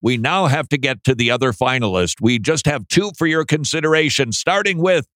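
A man's voice: medium pitch, animated, a little fast, fairly bright tone, no echo, studio quality. A male radio talk show host giving emphatic, sarcastic commentary with an incredulous edge.

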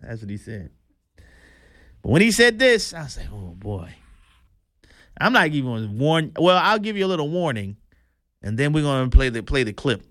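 Animated man hosting political commentary. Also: a little high, fairly quick, dry recording, clean studio sound. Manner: animated, chatty, amused.

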